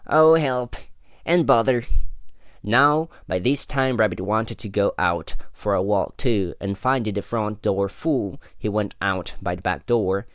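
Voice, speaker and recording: Man reading a storybook slowly. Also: fairly low pitch, dry recording, studio quality. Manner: relaxed, with amused asides. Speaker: podcast host reading aloud. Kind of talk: casual storybook read-aloud.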